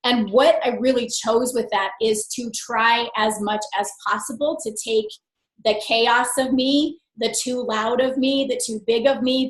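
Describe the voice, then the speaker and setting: A woman guest speaks in a fairly high voice, telling her stories with lively expression and frequent laughter. The recording carries a noticeable room echo. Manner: lively, expressive storyteller who laughs often. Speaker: interview guest. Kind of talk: conversational interview.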